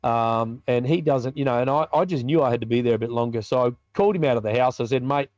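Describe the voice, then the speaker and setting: An Australian man of middle pitch recounts a personal story as a podcast guest. He is colloquial and vivid and acts out the conversations. The recording is dry and slightly muffled. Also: fast, darkish tone, no room sound. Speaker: podcast guest, biker ministry leader.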